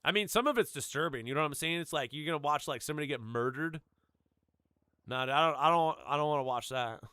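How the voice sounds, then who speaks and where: A man's voice: on the high side, quick pace, sharp tone, clear, resonant tone, no room sound, studio quality. A man streaming a video game, chatting casually in a rambling, laid-back way full of "like" and "dude". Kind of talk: casual stream chat while gaming.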